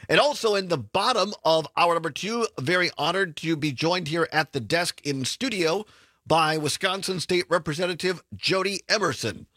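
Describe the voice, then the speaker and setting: A man's voice: on the high side, moderate pace, no room sound. A man, hosting a political talk radio show in a studio, chatty and sarcastic as he tells stories. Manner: chatty, sarcastic, animated storytelling.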